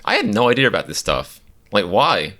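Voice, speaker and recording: Male comedian with a deep yet crisp, forceful voice; casual, rambling, self-mocking reaction chat. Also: wildly swooping pitch, fairly quick, soft background music. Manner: chatty, filler-heavy, wry and self-mocking.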